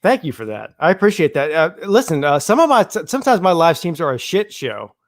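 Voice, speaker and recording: Animated higher-voiced man talking sports. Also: brisk, no echo. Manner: animated, emphatic, restarts often. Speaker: show co-host. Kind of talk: casual sports talk.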